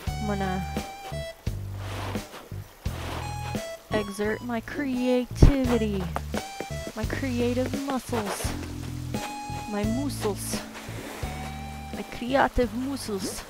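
A woman voicing a boastful game player in a made-up foreign accent, speaking slowly and grandly. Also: a little high, loud music behind the voice, pitched above the performer's own voice. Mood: grandiose.

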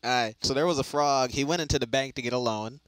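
Male comic, mid pitch, rambling delivery full of restarts, dry close mic. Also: fairly bright tone, no echo, rough recording. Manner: rambling, repeats words, halting restarts. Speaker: joke teller. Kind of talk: casual joke telling.

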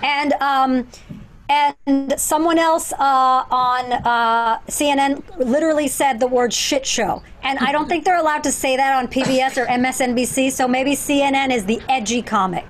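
A woman comedian in a casual chat, making quick sardonic quips over a video call. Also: high-pitched, steady tone, a crowd in the background. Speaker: comedian co-host.

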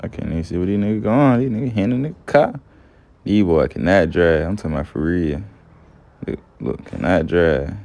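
Deep-voiced young man telling a slangy story. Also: a little fast, creaky, a little mellow, no room sound. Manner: laid-back, profane, says "you feel me" often. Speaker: gameplay storyteller. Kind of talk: casual slangy story narration.

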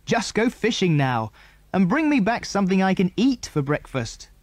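A man's voice: high-pitched, very animated, normal speed, dry recording, pitched above the performer's own voice. A man voicing a grave, kindly father speaking to his children in an audiobook.

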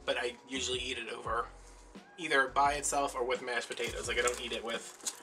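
A man's voice: mid-range voice, level tone, fairly quick, bright, forceful tone. A man telling a rambling, chatty story with lots of fillers while he works on a craft project. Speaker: craft vlogger. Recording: mic at a distance with clear background music.

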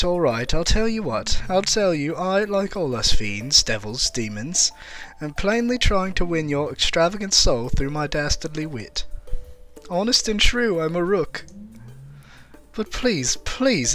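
Brief: man playing a flirty, cackling male fiend, lively and high-pitched, loves the drama. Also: a little slow, faint music behind. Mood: mock-confessing. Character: theatrical, teasing male fiend, bored and soul-hungry.

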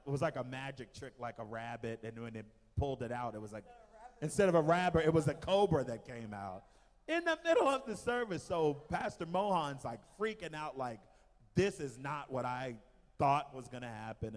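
Male missionary speaker, animated testimony, average pitch, long hall reverb. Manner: animated storytelling with fillers. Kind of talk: church testimony. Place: church hall.

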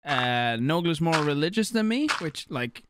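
A man's voice: on the high side, unhurried. A young Irish man chatting casually while he plays a game on a live stream, rambling, swearing and thanking viewers for donations. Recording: steady background noise with mouse clicks.

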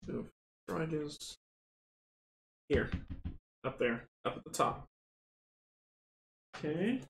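A man's voice: a little high, drawn-out words, creaky. Chatty man running a board game. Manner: chatty, counts dice rolls aloud, excitable. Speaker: tabletop game runner and player. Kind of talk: casual board game playthrough. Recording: roomy echo, faint noise.

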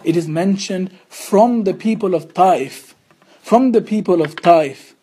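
A man's voice: high voice, slow, mellow, slightly rough. Earnest man teaching a religious lesson. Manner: earnest storytelling with emphatic rhetorical questions. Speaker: Islamic studies teacher.

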